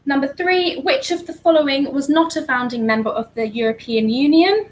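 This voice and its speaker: A woman co-hosting an online charity quiz, reading answers briskly and lightly. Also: sits high, a little hiss or hum, rough recording. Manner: brisk, light, laughs easily. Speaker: quiz co-host.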